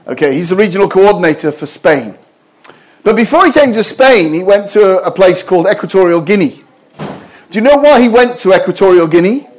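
A middle-aged man preaching a sermon to a congregation, telling stories playfully and firing questions at the audience. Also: high voice. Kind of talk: sermon with storytelling.

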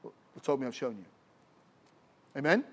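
A man's voice: medium pitch, very animated, normal speed. A middle-aged man preaching a sermon with passion, telling stories and calling out to the congregation for an amen. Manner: impassioned, rising to shouts with frequent "Amen?" calls.

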